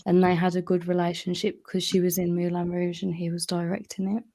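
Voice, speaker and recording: A woman's voice: on the low side, monotone, brisk, mellow. A woman in a casual livestream chat, rambling enthusiastically.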